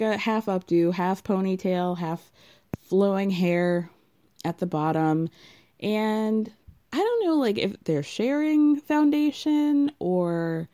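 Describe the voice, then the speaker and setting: Woman, contralto, mellow, sarcastic, gossipy, casual reality TV recap. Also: medium pitch.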